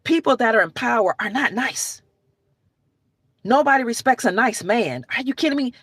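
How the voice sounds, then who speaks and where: A woman's voice: on the high side, expressive, normal speed, fairly bright tone, slightly rough, no room sound. A woman talking to camera in an emphatic, rambling, preachy rant with frequent restarts. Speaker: online commentator.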